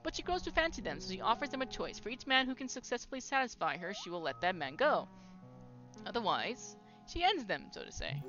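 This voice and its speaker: A woman gives voice to a crude old halfling scholar who lectures on and on, swearing as casually as he breathes. The voice is bright and lively in its rises and falls, over a slightly dull, muffled stream recording with faint music behind. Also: mid-range voice, a little fast. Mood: joke-telling. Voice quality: long-winded, lecturing, crude. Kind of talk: reading game dialogue aloud.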